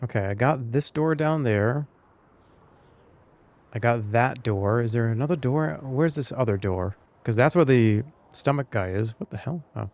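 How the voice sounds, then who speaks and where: A man's voice: medium pitch, unhurried, darkish tone. A man streaming a video game, chatting loosely with his audience in a rambling, joking way. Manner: rambling, jokey, talks to chat. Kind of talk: live gaming commentary.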